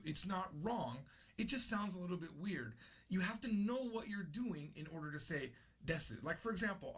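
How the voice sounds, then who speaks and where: A man's voice: fairly high pitch, creaky, a bit bright, slightly rough. A man teaching an unscripted language lesson, explaining patiently and repeating his key points. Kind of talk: unscripted classroom-style lesson.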